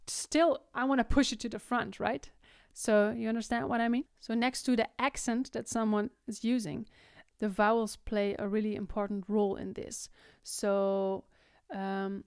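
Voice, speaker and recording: The young woman's voice is a touch high, with fairly even intonation, a measured pace and a clean, darkish tone; the clean studio recording has no room sound. She's a Dutch singing teacher with a Limburg accent, explaining technique in a tutorial with sung demos and often checking in with "right?".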